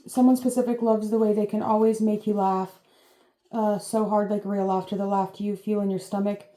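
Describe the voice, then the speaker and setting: A woman's voice: mid-range voice, flat delivery, normal speed, mellow. A woman giving a casual, meandering reading as host, chatty and full of fillers, swearing playfully now and then. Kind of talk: casual rambling live reading. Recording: roomy echo with faint noise.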